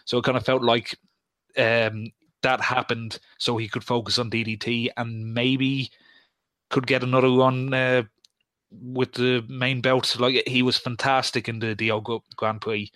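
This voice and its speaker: Man, casual podcaster, halting delivery full of ums and restarts, dry close recording. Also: medium pitch, level tone, fairly bright tone, no room sound. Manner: hesitant, many fillers and restarts. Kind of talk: casual podcast chat about wrestling.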